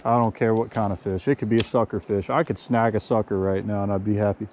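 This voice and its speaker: A man's voice: lowish voice, fast talker, slight background noise. A man vlogging outdoors at a winter creek, soaked and cold, talking casually with lots of dude and yo. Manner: excitable, slangy, says yo and dude. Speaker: fishing vlogger.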